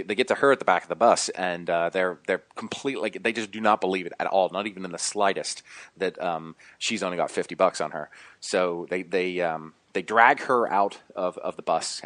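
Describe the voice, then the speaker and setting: A man's voice: low-pitched, a bit bright, no room sound. A man telling a long story on a podcast in a rambling way, full of fillers and restarts. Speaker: podcast guest. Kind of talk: casual storytelling.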